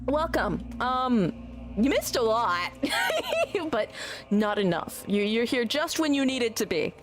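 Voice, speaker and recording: A woman's voice: fairly high pitch, sing-song, slow. A woman streaming a game, chatting casually with her viewers, teasing them and swearing freely. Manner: teasing, swears a lot, talks back to chat.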